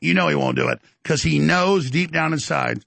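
A man's voice: a little high, moderate pace, creaky, a bit bright, dry recording. An older man hosting a show, ranting in a bombastic, taunting way and issuing challenges. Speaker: host. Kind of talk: heated on-air rant.

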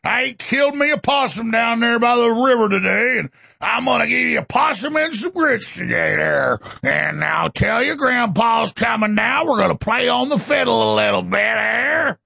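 A man's voice: very high voice, lively intonation, moderate pace, vocal fry, pushed and bright, husky, no echo, pitched above the performer's own voice, heavily acted. A man putting on a mocking impression of a woman politician faking a hokey, folksy country-granny drawl.

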